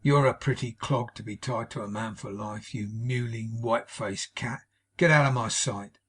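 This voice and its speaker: A man's voice: medium pitch, moderate pace, a bit bright, slightly rough. A man voicing a drunken, sneering bully of a husband. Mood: contemptuous. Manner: snarling, contemptuous. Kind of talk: audiobook character voice.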